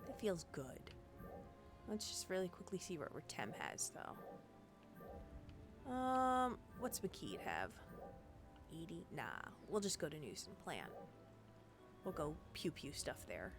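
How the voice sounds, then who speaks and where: A woman's voice: lowish voice, sing-song, takes it slowly, pauses often. A woman streamer chatting casually and exclaiming often as she plays an online game, with faint game music behind. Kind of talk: casual gameplay commentary.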